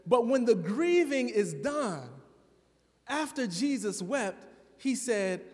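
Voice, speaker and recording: High-pitched guy preaching in a church, chatty then gets loud and punchy, big hall echo. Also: big pitch swings, takes it slowly. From Chicago. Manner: conversational preaching, rising to loud emphatic peaks. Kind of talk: sermon. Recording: long reverb of a large hall.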